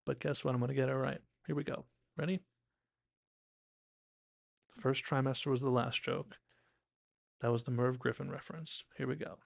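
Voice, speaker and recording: Man, podcast host, casual episode recap, enthusiastic and rambling, self-deprecating, gravelly voice, dry close recording. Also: medium pitch, little pitch movement, normal speed, pauses often, no room sound.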